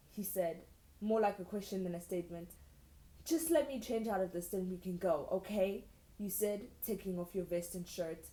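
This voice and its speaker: A woman's voice: medium pitch, normal speed, dark tone. Sarcastic young woman reading fan fiction aloud. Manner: sarcastic, incredulous asides between read passages. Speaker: YouTuber. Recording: roomy echoey room.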